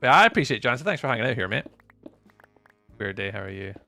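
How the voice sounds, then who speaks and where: A man livestreaming a game, casually reading his chat aloud and chatting back, with sudden excited bursts. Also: medium pitch, fast talker, no echo, faint music behind.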